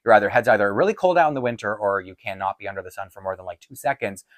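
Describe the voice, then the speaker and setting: Talking very fast in a fairly low voice, this doll collecting channel host rambles through a casual question-and-answer chat to camera at his home filming set-up. He laughs a lot, his voice tiring as he goes, and the recording is dry.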